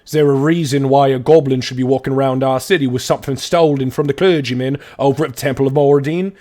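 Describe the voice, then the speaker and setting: A man voicing a pompous, smug aristocratic dwarf who loudly demands the guards, swearing in outrage. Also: medium pitch, steady tone, fast talker, natural voice.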